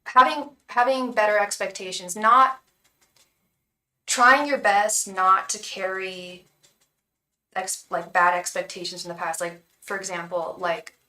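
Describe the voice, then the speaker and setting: Recorded at a distance with roomy echo, this woman has a mid-range, pushed and bright voice with fairly even intonation and an unhurried pace. As a livestream tarot reader and psychic, she chats casually and supportively, repeating words and filling with lots of fillers.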